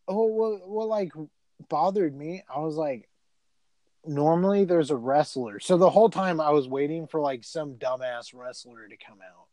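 A fairly high-voiced man chatting loosely about a film he just watched, swearing freely and padding his sentences with "like" and "um." The sound is dry and close, with no room around him. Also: normal speed, mellow, no echo. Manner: rambling and profane, heavy filler words. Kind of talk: casual movie review chat.

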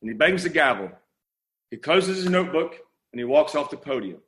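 A man's voice: fairly high pitch, very animated, brisk, a bit bright. A man preaching a sermon, telling a parable and then praying, with earnest, dramatic pacing and emphatic repetition. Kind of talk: sermon storytelling.

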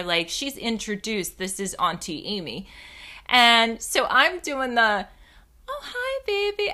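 Young woman rambling through a story, bright sharp voice, swears a lot, pokes fun at herself. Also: medium pitch. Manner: animated and self-mocking, with frequent swearing. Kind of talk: casual storytelling monologue.

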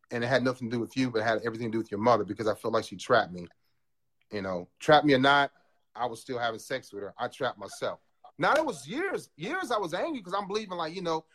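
A man's voice: mid-range voice, fairly bright tone. A man in his forties, a podcast guest, telling his own story in a raw, earnest, casual way. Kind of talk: candid personal confession.

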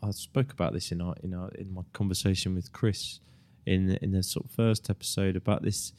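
A man with a deep, low voice hosts a podcast conversation. He talks reflectively and a little haltingly, circling back over his words as he thinks aloud. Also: fairly even intonation, a little mellow. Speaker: podcast host.

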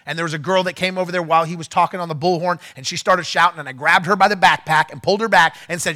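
A male pastor telling a story during a sermon, animated and getting loud when he acts out what was said. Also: fairly high pitch, quick pace. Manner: animated, shouts when acting out quotes. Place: church.

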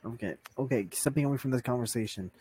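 A man's voice: medium pitch, quick pace, darkish tone, husky. A young man in a casual online chat, dryly trying to steer the talk to a new subject. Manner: tries to steer the talk elsewhere, dry. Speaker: friend in group chat.

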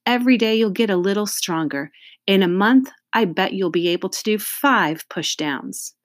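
A woman's voice: mid-range voice, expressive, moderate pace, dry recording, studio quality, close to an everyday voice. A woman voicing a friendly male yard teacher who speaks earnestly and encourages a student. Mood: encouraging. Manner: gently earnest, coaxing.

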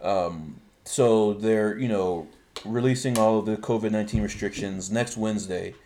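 A man hosting a casual podcast chat, animated and building into exasperated rants. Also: lowish voice, normal speed, a little hiss or hum. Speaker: podcast host.

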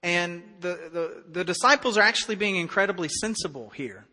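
A man preaching a sermon as pastor, in a conversational, animated way with acted-out dialogue. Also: high-pitched, brisk, in a large hall.

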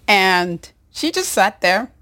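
Casting: unhurried woman nurse host, heartfelt rambling storyteller, breathy asides. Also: medium pitch, very animated. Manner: emotional, warm-hearted, rambling with restarts and soft laughs. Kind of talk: personal storytelling to an audience.

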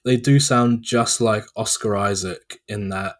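A man's voice: fairly low pitch, measured pace. A British man chatting as a podcast guest late at night, tired and laughing often with wry asides. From Britain. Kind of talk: casual podcast chat.

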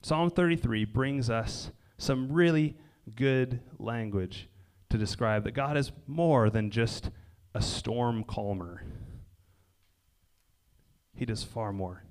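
A man giving a casual sermon in a conversational way, often checking in with "right?" and dropping his voice low and quiet for emphasis. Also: slow pace, clear, resonant tone. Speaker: preacher. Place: indoor gathering near a lake.

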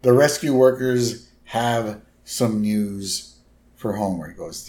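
A man's voice: medium pitch, slow, warm tone. Wry man adding dry asides. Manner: wry asides, adds commentary to the plot. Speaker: podcast co-host. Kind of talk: casual chat recapping a cartoon episode.

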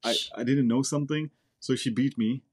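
Speaking fairly quickly in a husky, darkish medium-pitched voice with fairly even intonation, a Czech man answers questions in a relaxed interview. He's in the Air Force, speaks Czech natively, and talks plainly and directly, often repeating words.

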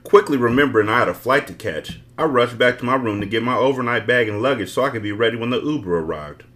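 A man's voice: medium pitch, animated, fast, fairly bright tone. A man hosting a book podcast, reading a novel aloud with blunt, profane asides. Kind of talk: casual book reading with commentary.

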